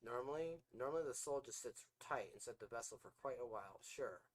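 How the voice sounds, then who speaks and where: A man's voice: medium pitch, expressive, fairly quick, natural voice, rough recording. A man voicing a sly, smug male demon in a read-aloud story, purring and mock-sympathetic. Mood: grave.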